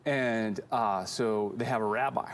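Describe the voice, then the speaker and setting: A man's voice: a little slow, a little hiss or hum. A man co-hosting a casual church show, telling a long shaggy-dog joke with lots of animation. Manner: animated storyteller, jumps into high squeaky voices for characters. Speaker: co-host.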